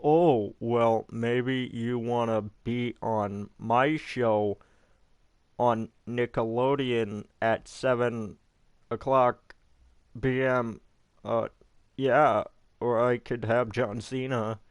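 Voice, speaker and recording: A man's voice: mid-range voice, steady tone, drawn-out words, smooth, no echo, clean studio sound. A man mimicking a whiny young TV presenter. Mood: mocking. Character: mocking impression of a pushy young male TV presenter.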